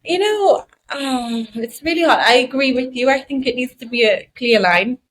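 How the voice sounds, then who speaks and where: A woman's voice: sits high, animated, moderate pace, a bit bright, a little hiss or hum. A woman co-hosting a casual podcast, asking questions and reflecting thoughtfully. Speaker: podcast co-host.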